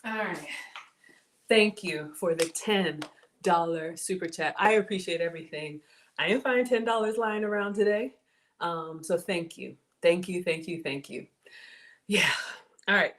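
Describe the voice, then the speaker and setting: This home cook livestream host, a woman in her forties, speaks unhurriedly in a fairly low, slightly bright voice with a mild Southern accent. Chatty as she cooks, she addresses her viewers as "y'all" and thanks them for supporting her.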